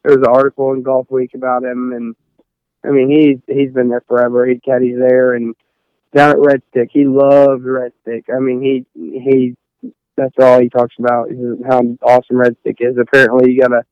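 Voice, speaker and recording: A man's voice: medium pitch, level tone, moderate pace, clear, resonant tone, no echo, dull audio. A young man from Texas, a college golfer rambling casually through an interview with lots of fillers. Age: young adult. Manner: rambling, many fillers and restarts.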